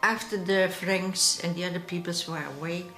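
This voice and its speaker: An older woman from Austria, giving halting eyewitness testimony in an interview and often searching for words. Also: on the low side, flat delivery, sharp tone, soft background music.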